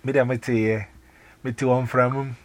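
A man with a Ghanaian accent in a casual phone chat, talking in an animated, rambling way with many restarts and exclamations. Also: medium pitch, moderate pace, noisy background. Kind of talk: casual phone chat mixing Twi and English.

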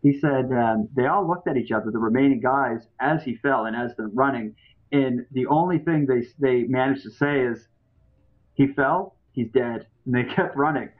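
A man's voice: mid-range voice, moderate pace. A man, a podcaster appearing as a guest, telling a story in casual chat with lots of fillers and restarts. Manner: rambling, many fillers and restarts. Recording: tinny phone-like line.

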